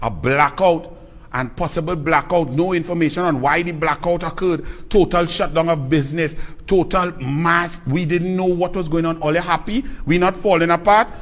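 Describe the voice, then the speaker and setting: A man's voice: fairly high pitch, moderate pace, fairly bright tone. A man with a Trinidadian accent delivering a scornful, combative political commentary rant.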